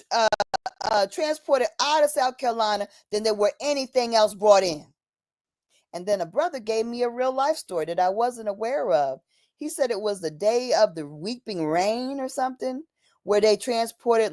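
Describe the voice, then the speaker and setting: A woman livestream host with a fairly high voice gives an impassioned, preachy monologue into her streaming mic, the sound dry, close and free of echo. She calls the listener "honey" and acts out quoted voices.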